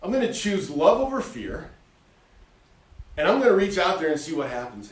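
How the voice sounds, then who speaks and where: Animated folksy man, roomy and distant. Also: fairly high pitch, moderate pace. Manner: animated, folksy, acts out voices. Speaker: co-host, faith talk. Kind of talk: casual preaching talk.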